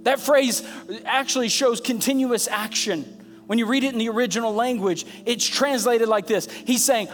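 Male pastor, high voice, fervent sermon delivery over clear background music. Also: moderate pace. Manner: passionate, rising to emphatic peaks; repeats phrases for emphasis. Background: soft instrumental music.

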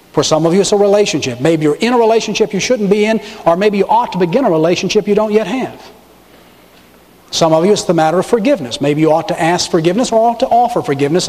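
A man preaching from the pulpit with a high voice that leaps up and down as he drives home each point. His urgent sermon rings through a church with a long reverb. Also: darkish tone. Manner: emphatic preaching, rising on key words. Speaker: pastor. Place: church sanctuary with balcony and choir.

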